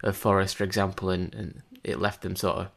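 A man's voice: low voice, level tone, fairly quick, creaky, fairly bright tone. A man co-hosting a football podcast in loose, chatty talk with frequent restarts. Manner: rambling, many restarts and fillers. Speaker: podcast co-host. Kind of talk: casual football chat.

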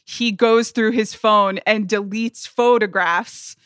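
A woman co-hosting a podcast in casual pop-culture chat, wry and quick with her critiques, close to the microphone. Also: medium pitch, steady tone, a bit bright, clean tone, dry recording. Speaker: podcast co-host.

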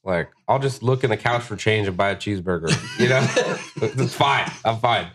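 A young man with a deep, low-pitched voice tells a profanity-heavy story in a relaxed podcast chat. He slips into the voices of the people in the story as he quotes them. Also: a little fast, a little hiss or hum. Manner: profane, animated storyteller who acts out quotes. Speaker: guest tattoo artist.

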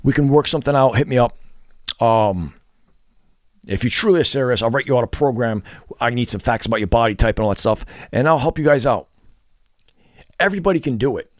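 A man's voice: medium pitch, fairly quick, long pauses, dry recording, studio quality. A man ranting bluntly to camera as a fitness and dating vlogger, profane, scornful and lecturing.

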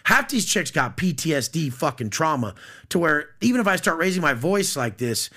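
A podcast guest, this man talks bluntly and boastfully, swearing freely. His voice is gravelly and sharp, and his pitch swings widely as he pushes his points. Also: very animated, normal speed. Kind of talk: casual podcast conversation.

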